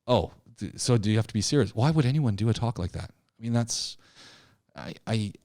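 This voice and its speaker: A man teaching an online public speaking class, talking in an animated, emphatic way, often repeating himself and restarting his sentences. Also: lowish voice, fairly quick, dry recording, studio quality. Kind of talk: live online class lecture.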